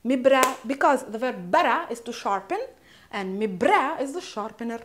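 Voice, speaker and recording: A native Arabic-speaking woman with a Palestinian accent teaches vocabulary in a relaxed, chatty way. Her voice sits fairly high and moves with lively, animated swings of pitch. She repeats each word slowly and checks in often with a questioning "hmm?". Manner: shows objects while naming them. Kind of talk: casual vocabulary lesson.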